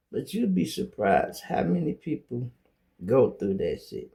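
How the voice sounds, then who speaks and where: A man's voice: medium pitch, unhurried, gravelly. A middle-aged man with a Chicago accent telling casual stories as a show host, acting out quoted voices. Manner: animated, acts out quoted voices. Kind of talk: casual storytelling monologue.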